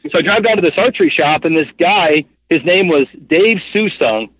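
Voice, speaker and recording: A man in his thirties, a podcast guest telling stories casually, rambling with lots of fillers in an animated way. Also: fairly high pitch, normal speed. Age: 30s. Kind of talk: casual storytelling interview. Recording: dull, muffled podcast audio.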